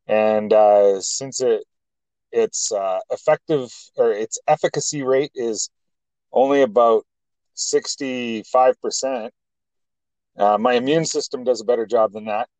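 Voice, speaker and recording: A man, co-hosting a casual political talk show, speaking haltingly with many restarts. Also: medium pitch, darkish tone, no room sound, rough recording. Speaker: co-host.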